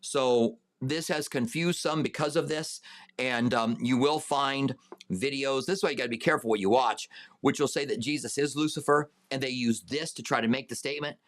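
A man teaching a Bible study and answering viewer questions, unhurried, with many fillers and restarts, and a raised, emphatic voice when reading scripture aloud. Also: medium pitch.

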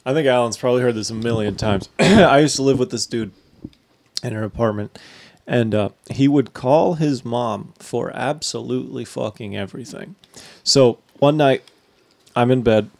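A man chatting casually, telling a profane story and laughing through it. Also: medium pitch. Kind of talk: casual chat.

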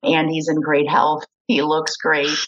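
A woman's voice: sits low, monotone, measured pace, a bit bright, dull audio. A middle-aged woman tells her personal story in an interview, acting out the voices of the people she quotes. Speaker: guest, kidney donor.

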